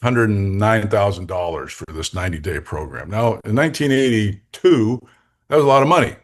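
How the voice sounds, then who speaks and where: Older man, lowish voice, animated storyteller. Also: a little fast. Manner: animated, jokey, laughs between lines. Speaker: guest, executive coach. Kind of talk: anecdotal storytelling in a podcast interview.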